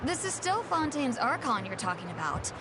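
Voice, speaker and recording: A woman's voice: high-pitched, big pitch swings, moderate pace, crowd noise. A woman voicing a friendly young townswoman in a video game, chatty and upbeat.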